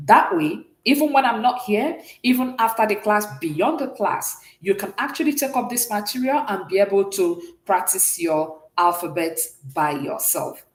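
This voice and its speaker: A woman leads a beginners' French lesson. She talks patiently and keeps checking with her students, and her pitch rises and falls a lot. The sound carries a roomy echo. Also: lively intonation, normal speed, few pauses. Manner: patient, repeats and checks understanding often. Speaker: French teacher. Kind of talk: classroom language lesson.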